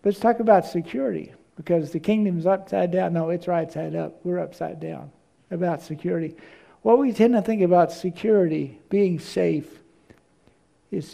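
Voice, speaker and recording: Gravelly, mellow-voiced male preacher. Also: high-pitched. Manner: storytelling, repeats words when searching. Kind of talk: sermon.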